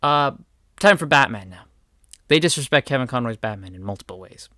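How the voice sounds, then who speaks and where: A man's voice: mid-range voice, lively intonation, brisk, pushed and bright, no echo, clean studio sound. A man giving a heated video rant, stressing his points by repeating words. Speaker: video commentator. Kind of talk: ranting video commentary.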